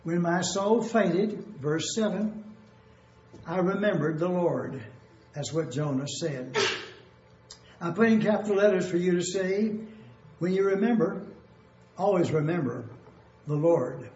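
Male preacher, high voice, methodical numbered-point sermon, echoey lo-fi church recording. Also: darkish tone. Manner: numbered points, deliberate repetition. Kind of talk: expository sermon. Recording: echoey room, dull lo-fi sound.

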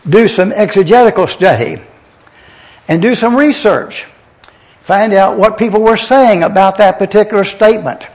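A man's voice: sits high, a little mellow. A man preaching a teaching sermon, addressing the congregation directly and spelling words out letter by letter. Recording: dull lo-fi sound.

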